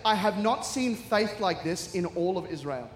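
A man's voice: sits high, moderate pace. A middle-aged man preaching a humorous sermon, acting out the voices in his stories. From Australia. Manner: animated storytelling, acting out voices. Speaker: guest preacher. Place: large church hall. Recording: echoey hall, long reverb.

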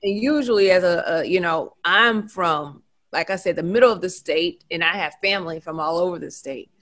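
A woman's voice: fairly low pitch, normal speed, fairly bright tone. A woman from Central Louisiana with a Louisiana accent, chatting casually as an interview guest and laughing easily. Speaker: guest, actress and former radio host.

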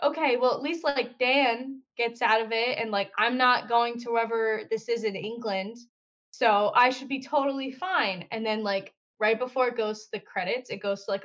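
A young woman on a casual podcast who chats at length, laughs often and fills her talk with "like". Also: fairly high pitch. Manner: chatty, laughs often, says "like" a lot. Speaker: podcast co-host. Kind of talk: casual group chat. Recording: muffled lo-fi sound.

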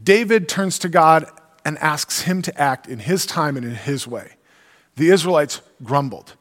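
A man with a fairly high voice preaches with earnest emphasis, moving from scripture reading into explanation. His words ring out with a long reverb, as in a large church sanctuary. The delivery is that of a preacher teaching a congregation. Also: animated, normal speed.

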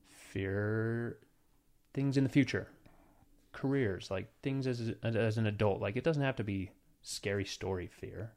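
A man's voice: lowish voice, darkish tone. A man in his thirties hosting a casual podcast chat, teasing and joking as he talks. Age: 30s. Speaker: podcast host.

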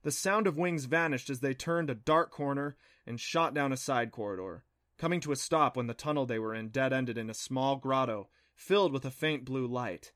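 Bright-voiced male storybook narrator. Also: medium pitch, normal speed, dry recording, studio quality. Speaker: audiobook narrator.

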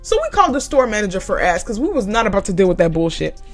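A woman's voice: mid-range voice, very animated, fast talker, soft background music. Heated, profane young woman ranting. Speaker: former retail worker telling her story. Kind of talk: casual storytime rant.

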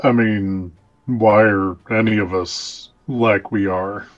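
A man's voice: on the low side, fairly even intonation, slow, muffled recording. A young man role-playing his character in a tabletop game, rambling with many fillers and casual, colloquial phrasing.

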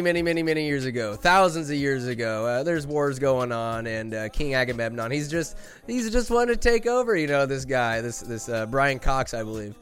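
A man's voice: medium pitch, a bit bright. A young man hosting a podcast, rambling enthusiastically through a comedic movie recap with crude jokes. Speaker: podcast host.

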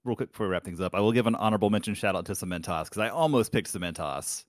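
A man co-hosting a casual podcast chat, joking with animated stammering restarts. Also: lowish voice, racing, no echo, studio quality. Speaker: podcast co-host. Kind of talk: casual card-game chat.

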